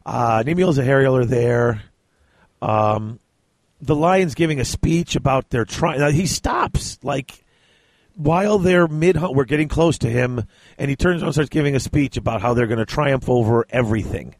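A man's voice: medium pitch, normal speed, no room sound. A man co-hosting a podcast, chatting casually about a novel and reading passages aloud, laughing often. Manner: laughs often, enthusiastic, reads excerpts aloud. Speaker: podcast co-host. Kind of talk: casual book discussion with read-aloud passages.

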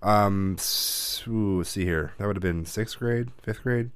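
Casual male storyteller, low-pitched, chatty, restarts a lot, dry room. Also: measured pace, smooth, no room sound. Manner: rambling storytelling with frequent swearing and restarts; gets loud and animated when quoting his dad. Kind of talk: casual chat.

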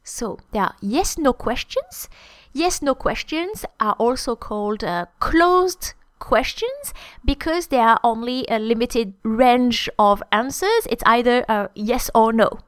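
A woman's voice: fairly high pitch, animated, takes it slowly, clear, resonant tone, no room sound. A woman hosting a podcast language lesson, explaining at length with many hesitant fillers. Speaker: French teacher, podcast host.

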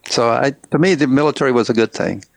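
An older man from Tennessee, an author guest, telling stories in a halting, casual way with many fillers and restarts. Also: medium pitch, creaky, no echo. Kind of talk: casual interview storytelling.

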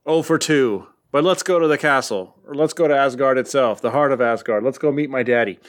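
A man's voice: medium pitch, a little fast, natural voice. A man voicing an earnest young thunder god hero in a casual comic recap. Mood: mock-solemn.

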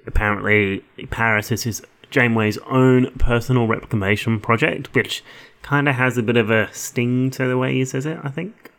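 A young man with a gravelly, fry-edged voice chats casually on a podcast. He rambles and laughs at himself as he recaps an episode, never taking it too seriously. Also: mid-range voice, steady tone, normal speed, a bit bright. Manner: giggly, rambling, self-mocking. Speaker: podcast co-host.

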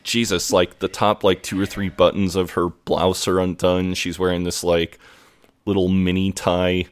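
A man co-hosting a podcast, retelling TV scenes in a relaxed way and laughing easily. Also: deep voice, normal speed, smooth. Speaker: podcast co-host. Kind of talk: casual podcast chat recapping a TV episode.

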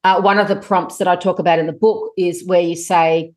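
Animated, chatty middle-aged woman guest. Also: a little fast. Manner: animated, chatty, jumps up in pitch when excited. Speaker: guest author. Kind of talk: casual podcast interview.

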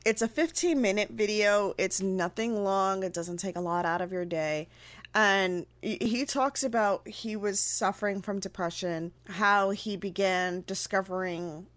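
A woman's voice: medium pitch, no room sound. A woman co-hosting a casual podcast, reading notes aloud with stumbles and fillers. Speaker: podcast co-host.

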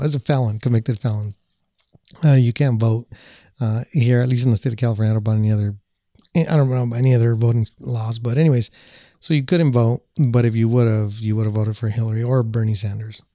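Casting note: mellow, gravelly podcast host man, loose and jokey, dry close mic. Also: mid-range voice, fast talker, dry recording. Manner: laughing, easygoing, restarts often. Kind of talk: casual podcast interviewing.

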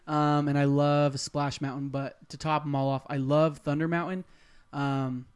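A man's voice: on the high side, flat delivery, a little slow, smooth. A young man co-hosting a casual live chat, talking enthusiastically with lots of fillers. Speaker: podcast co-host.

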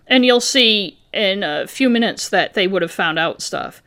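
A woman's voice: mid-range voice, animated, measured pace, fairly bright tone. A woman in her fifties co-hosting a podcast, reading through a criminal case with blunt, sarcastic commentary. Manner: wry and blunt, with sarcastic asides. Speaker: podcast co-host. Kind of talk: reading a true-crime case aloud with commentary.

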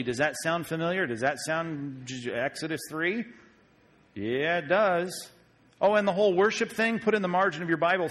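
A man, a pastor, teaching a sermon on Bible passages in a conversational way, often asking his listeners questions. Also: medium pitch. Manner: conversational, animated, asks the audience questions.

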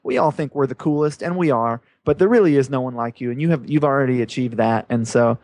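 A man's voice: medium pitch, fast, a little mellow, no echo. Easygoing podcast co-host man. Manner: easygoing, upbeat, says man and dude. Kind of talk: casual podcast chat.

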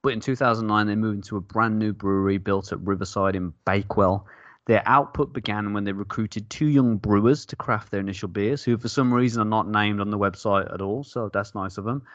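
Jokey man, low voice, dry sound. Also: steady tone, brisk, fairly bright tone, no echo, highs cut off. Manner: jokey, rambling, laughs often. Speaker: podcast co-host. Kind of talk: casual beer-tasting podcast chat.

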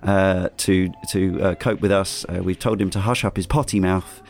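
A man's voice: deep voice, fairly even intonation, normal speed, a little mellow. A man hosting a casual podcast chat, rambling with fillers and restarts. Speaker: podcast host.

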